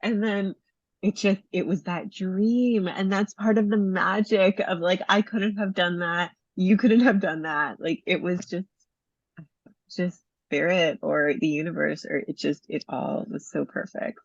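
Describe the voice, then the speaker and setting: Casting note: retreat host, woman, breathy lowish voice, relaxed chat, muffled close recording. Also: measured pace, no echo. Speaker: retreat host and iboga provider. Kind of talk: casual conversation. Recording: dull lo-fi recording.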